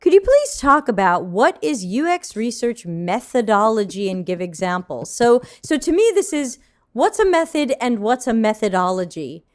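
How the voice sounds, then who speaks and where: A woman's voice: a little high, moderate pace. A woman hosting a casual online Q&A panel on a video call, joking and handing questions to her panelists. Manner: lively, joking, hands the floor to panelists. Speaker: panel host.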